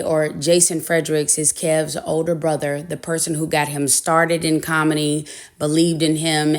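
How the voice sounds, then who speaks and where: A woman with a fairly low voice delivers scripted commentary. She talks in an earnest, measured way and builds her points with care to persuade the listener. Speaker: commentary host.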